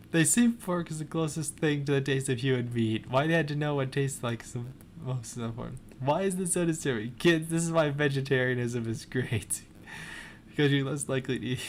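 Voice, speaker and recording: A man's voice: medium pitch, normal speed, a little hiss or hum. Young man laughing at his own writing. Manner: laughing, self-mocking. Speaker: reader. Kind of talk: reading his old fan fiction with commentary.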